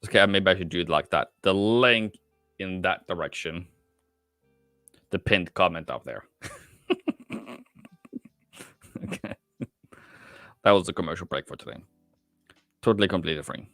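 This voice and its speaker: A man's voice: sits low, normal speed, long pauses, a bit bright, no echo, studio quality, faint music behind. A man hosting a live trading stream, thinking aloud with many fillers and answering the chat in casual commentary. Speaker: livestream forex trader and host.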